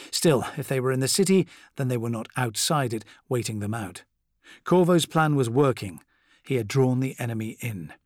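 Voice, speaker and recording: A man reading a dramatic war story aloud as the narrator, in a measured style. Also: medium pitch, no room sound, clean studio sound. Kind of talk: scripted audiobook narration.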